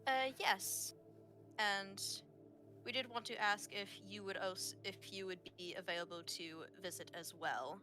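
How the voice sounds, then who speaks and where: A courteous adventurer woman , played by a woman player in a tabletop game. Her voice is bright and sharp, and her manner is formal and polite. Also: medium pitch, fairly even intonation, a little slow, soft background music.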